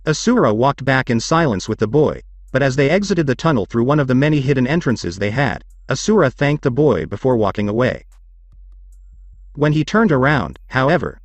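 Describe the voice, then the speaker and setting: Lively male story narrator. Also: mid-range voice, dry recording. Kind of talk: scripted narration.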